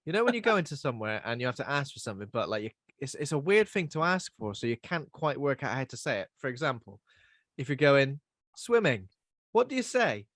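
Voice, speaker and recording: Lively, jokey man on a dry mic. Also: mid-range voice, brisk, no room sound. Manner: jokey, goes off on tangents. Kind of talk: casual film chat.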